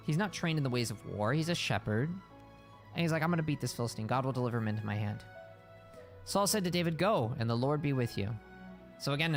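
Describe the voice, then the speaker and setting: A man reading a Bible passage aloud on a stream and stopping to explain it in casual words. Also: medium pitch.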